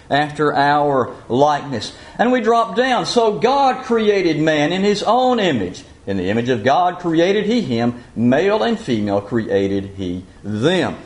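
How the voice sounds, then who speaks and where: Earnest preacher with a higher man's voice. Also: poor audio. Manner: rhetorical questions, reads scripture aloud and slows for the verses. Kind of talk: sermon.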